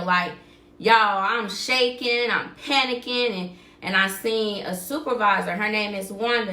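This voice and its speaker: Bright-voiced woman telling her story. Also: mid-range voice, reverberant. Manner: vivid retelling, acting out quoted dialogue. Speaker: podcast host. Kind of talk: casual storytelling.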